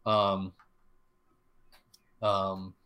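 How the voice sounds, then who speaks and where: A man co-hosting a casual film discussion podcast, talking in a halting way with many fillers and restarts. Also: deep voice, completely flat delivery, clean tone, lo-fi sound. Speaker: podcast co-host.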